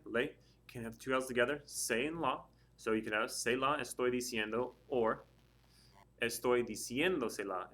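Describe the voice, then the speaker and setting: A man and Spanish teacher, giving a recorded lesson and slowly repeating words to model their pronunciation. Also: medium pitch, pushed and bright.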